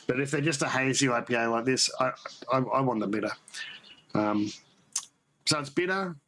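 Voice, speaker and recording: A man's voice: mid-range voice, moderate pace, fairly bright tone, rough recording. A man hosting a homebrewing livestream, chatting casually and rambling, correcting himself as he tastes beer. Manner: rambling, self-correcting, tasting beer on stream. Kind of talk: casual live chat.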